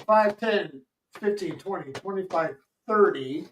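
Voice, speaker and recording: A man's voice: high-pitched, measured pace. A man co-hosting a stream, crudely reading out comments and counting tallies. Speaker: stream co-host. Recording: roomy, distant mic with faint noise.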